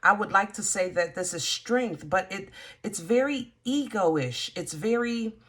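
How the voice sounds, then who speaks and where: A woman talks straight to her viewers as she gives a collective tarot reading. Her talk is chatty and emphatic, and she pauses often with fillers. Her pitch sits in the middle for a woman. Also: lively intonation, a bit bright, breathy edge. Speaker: tarot reader. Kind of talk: casual tarot reading to camera.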